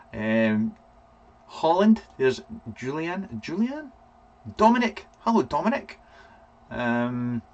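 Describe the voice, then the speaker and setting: Rambling through viewers' names with lots of ums, a man from Scotland chats casually on his live vlog. He reviews vapes, and his medium-pitched voice comes through with a lo-fi sound.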